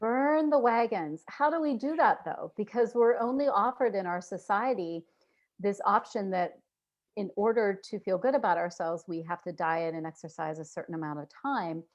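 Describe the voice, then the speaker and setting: A woman guest with lively intonation talks at a moderate pace during a casual interview. Earnest and reflective, she performs inner voices through sudden shifts in pitch.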